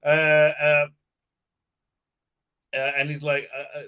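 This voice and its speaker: A man's voice: a little high, fairly even intonation, a little slow, pauses often, pushed and bright. A man recapping a show on a live stream, mocking it and acting out the characters in silly voices, with many fillers.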